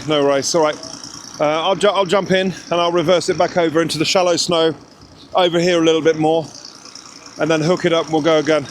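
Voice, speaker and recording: A man talks through a snowy roadside recovery in a casual, chatty way, reassuring a friend and calling out directions. His voice sits fairly high for a man. There is a faint hiss of noise behind him outdoors. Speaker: vlogger. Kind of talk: casual vlog chat. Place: outdoors in snow.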